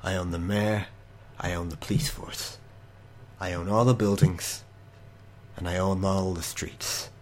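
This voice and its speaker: Guy playing a quiet crime boss villain, low voice, slow and menacing, tabletop game over a call. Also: flat delivery, slight background noise. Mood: quietly menacing. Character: smooth, powerful male crime boss, calm and possessive. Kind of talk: game master voicing a villain. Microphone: online call.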